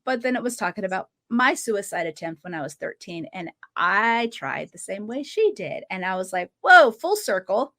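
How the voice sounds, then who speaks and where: A woman's voice: medium pitch, lively intonation, normal speed, hardly any pauses, a bit bright. Earnest woman podcast host. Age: 30s. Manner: earnest, laughs often while telling a story. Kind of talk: casual podcast conversation.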